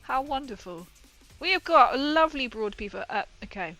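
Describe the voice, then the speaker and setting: A woman streamer with a slightly high, bright, forceful voice chats excitedly while painting miniatures on a live stream. She greets her viewers eagerly, and soft music plays faintly behind her. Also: a little fast. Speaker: livestream host painting miniatures. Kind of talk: casual livestream chat.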